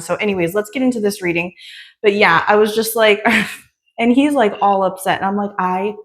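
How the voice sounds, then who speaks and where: A pregnant woman hosts a tarot reading in a loose, chatty way, full of fillers and asides. Her voice sits in an ordinary middle pitch. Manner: chatty, rambling storytelling with many fillers. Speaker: tarot reader. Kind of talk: casual chat and tarot reading.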